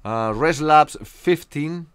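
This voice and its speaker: A young man from Spain with a Spanish accent, chatting casually and joking with viewers during a live game stream, often pausing on fillers. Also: fairly high pitch, smooth, no echo.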